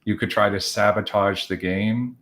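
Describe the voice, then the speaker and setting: A man's voice: fairly low pitch, fairly even intonation, normal speed, fairly bright tone. A man running a tabletop role-playing game, narrating in long, rambling chains of "as he just says" with lots of fillers. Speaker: game master.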